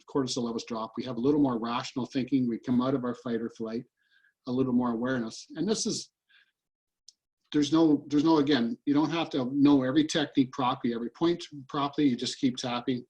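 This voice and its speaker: A man's voice: mid-range voice, steady tone, fairly quick, a little mellow, highs cut off. A man coaching listeners through a tapping routine over a video call, repeating short statements in an earnest way. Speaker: EFT practitioner and coach. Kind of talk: guided tapping demonstration.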